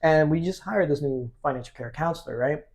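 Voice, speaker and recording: Young man telling an animated story. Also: fairly high pitch, fairly quick. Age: 20s. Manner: animated storyteller, acts out quoted dialogue. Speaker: podcast guest. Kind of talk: casual podcast chat.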